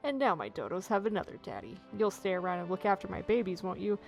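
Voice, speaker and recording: A woman's voice: mid-range voice, very animated, quick pace, creaky, a little mellow, soft background music. A woman reading aloud the lines of an eccentric male rancher in a game who dotes on his animals. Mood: doting. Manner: reads the lines aloud in a plain, lightly amused voice.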